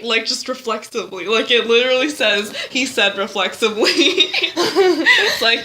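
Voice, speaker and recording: A woman's voice: high voice, expressive, measured pace, sharp tone, a little hiss or hum. A young woman chatting casually with a friend, giggly and amused, recorded on a phone. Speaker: friend chiming in. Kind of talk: casual comedic chat.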